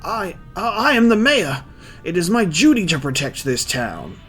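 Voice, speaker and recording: This is a cowardly mayor, put on by a man reading a manga aloud. He talks in a high, strained, nervous voice. He pleads and frets over every word, with faint music underneath. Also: very animated, moderate pace, a bit bright. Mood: defensive. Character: frantic panicky middle-aged male town mayor.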